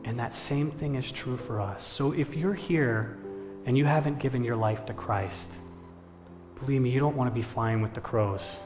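A man preaching a sermon as pastor, earnest and measured, inviting the congregation to prayer. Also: medium pitch. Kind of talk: sermon with storytelling. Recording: reverberant hall with faint music.

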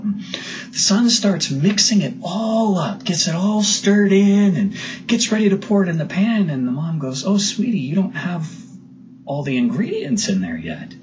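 A preacher giving a sermon in a conversational style, asking rhetorical questions and telling a story. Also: medium pitch. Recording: dull lo-fi recording.

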